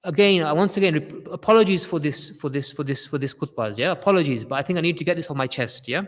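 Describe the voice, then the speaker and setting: A man gives an impassioned Friday sermon and repeats key phrases to drive them home. His voice sits fairly high for a man. A long hall reverb trails behind each line. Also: fast. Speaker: preacher giving a Friday sermon.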